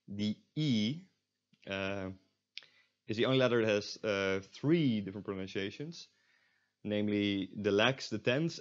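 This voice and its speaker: A man with as his teaching a beginner's language lesson, explaining step by step with frequent filler pauses. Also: lowish voice, lo-fi sound. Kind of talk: recorded online language lesson.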